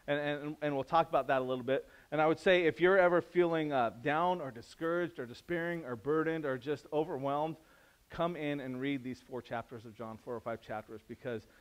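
A male pastor preaching a conversational sermon, animated and full of restarts. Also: on the high side.

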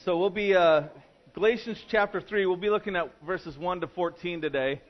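High-voiced pastor preaching casually. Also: male voice, moderate pace, muffled recording. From California. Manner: conversational preaching with frequent restarts and fillers. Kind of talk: sermon.

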